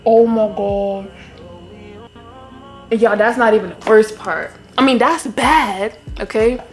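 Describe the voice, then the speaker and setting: A young woman tells a storytime vlog in a raised, fairly high voice. She talks in an animated, exasperated way and keeps calling out to her viewers. Soft music plays faintly behind her. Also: normal speed. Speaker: vlogger.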